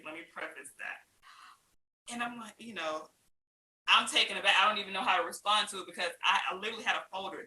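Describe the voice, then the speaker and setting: A woman guest telling her story in a casual interview, animated, acting out other people's lines and laughing often. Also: on the low side. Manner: laughs often while talking. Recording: roomy with faint hiss.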